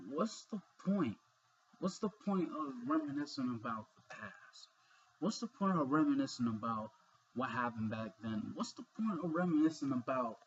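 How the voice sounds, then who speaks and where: A man's voice: fairly high pitch, expressive, moderate pace, highs cut off, slight background noise. A young man vlogging in a rambling, earnest monologue full of fillers and swearing, sleepy and yawning. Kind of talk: casual monologue.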